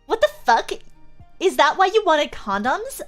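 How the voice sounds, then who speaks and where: A woman voicing an angsty, foul-mouthed teenage goth girl with shouted, exaggerated line readings. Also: a little high, lively intonation, slow, soft background music, full character voice. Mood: snarky.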